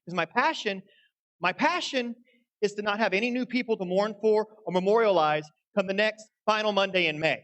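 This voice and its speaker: A man's voice: high-pitched, normal speed, a bit bright, poor audio. A young man preaching a sermon, folksy and earnest as he tells a story. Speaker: guest preacher.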